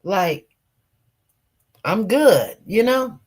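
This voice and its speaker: Slow, rambling woman storyteller. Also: medium pitch, sing-song, darkish tone, slightly rough. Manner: rambling, many fillers and repeated words. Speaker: streamer telling personal stories. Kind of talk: casual storytelling to viewers.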